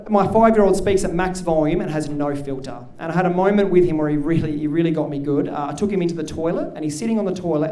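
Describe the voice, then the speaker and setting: A man hosts a live stand-up night with a fairly high voice. He tells a story on stage in a comedy club and pumps up the crowd with loud shouts for the next act. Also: reverberant, recorded from a distance, slight background noise. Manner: builds to loud shouted hype. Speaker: comedy host.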